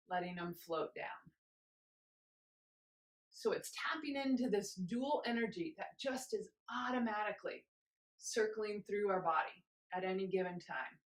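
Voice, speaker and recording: A woman's voice: medium pitch, normal speed. Woman guiding movement in an echoey room. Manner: gentle step-by-step cueing with rhythmic chanted counts; talks while moving along with the exercise. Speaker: movement instructor. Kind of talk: guided movement class.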